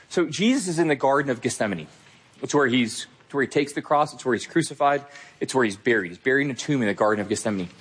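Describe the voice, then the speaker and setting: A man's voice: medium pitch, husky. A young adult man preaching a sermon as pastor, earnest and emphatic, speaking straight to his listeners.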